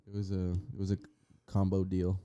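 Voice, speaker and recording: A man jokes through a casual podcast chat in loose, slangy talk. His voice is mellow and dark, and it sounds dry and close to the mic. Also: low-pitched, completely flat delivery, normal speed, no room sound, muffled recording. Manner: joking, slangy. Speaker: podcast co-host.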